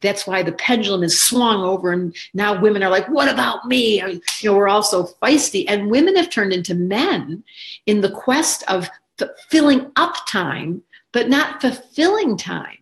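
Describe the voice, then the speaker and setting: A woman in her sixties who works as an astrologer and teacher chats casually with viewers, rambling expressively and performing the voices of people she quotes. Her voice sits at a medium pitch and she speaks at a moderate pace.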